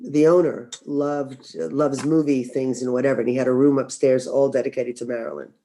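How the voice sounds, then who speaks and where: A man's voice: medium pitch, steady tone, normal speed, warm tone. A man guest in a casual podcast chat, reminiscing and chiming in with short agreements.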